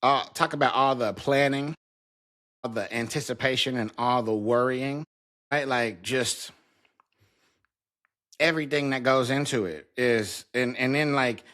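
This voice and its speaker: Solo host, man in his 30s to 40s, mid-pitched, blunt and foul-mouthed, casual venting into a camera at home. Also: pushed and bright. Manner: frank, profane venting. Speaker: podcast host. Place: home basement, alone. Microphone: talking to a camera.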